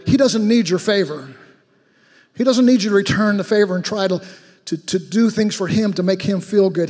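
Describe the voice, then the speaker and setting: Here a man preaches a church sermon in a high, husky voice with a darkish tone. He talks as if recounting a story before driving his point home fervently, his tone shifting from conversational to exhorting, all under a long reverberant hall sound.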